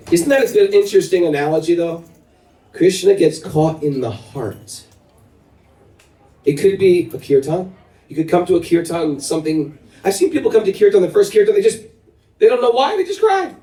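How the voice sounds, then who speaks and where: A man's voice: fairly high pitch, moderate pace. A middle-aged man giving a devotional talk to a gathered group as its spiritual teacher. He tells stories with animation and keeps turning questions to his listeners. His voice echoes around the room and comes from a mic set at a distance. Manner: animated storyteller who asks the audience questions. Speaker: spiritual teacher leading kirtan.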